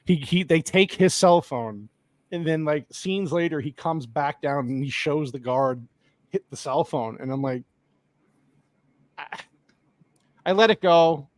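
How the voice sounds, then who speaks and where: A man's voice: a little high, a little slow, pauses often, no echo. A young man hosting a live stream, giving rambling, profane commentary on a movie and laughing often. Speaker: streamer host. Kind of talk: casual movie watch-along commentary.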